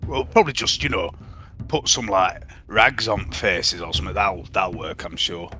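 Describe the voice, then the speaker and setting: A man playing a tabletop game, jokey and rambling, quick to laugh. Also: sits low, pushed and bright, faint music behind. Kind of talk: in-character role-play chat.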